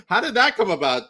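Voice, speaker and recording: A man hosting a podcast interview, relaxed and casual, often laughing and chiming in with quick affirmations. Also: high voice, very noisy. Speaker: podcast host.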